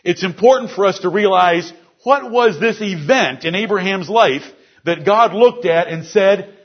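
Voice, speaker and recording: High-voiced husky male preacher. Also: unhurried, highs cut off. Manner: explains scripture word by word. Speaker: pastor. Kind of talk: expository sermon. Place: church service.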